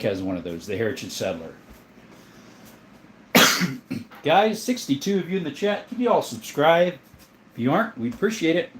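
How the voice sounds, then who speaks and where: A man's voice: medium pitch, a little hiss or hum. Chatty man hosting a live chat. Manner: chatty, greets viewers by name. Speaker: livestream host reading chat. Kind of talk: casual live-chat talk.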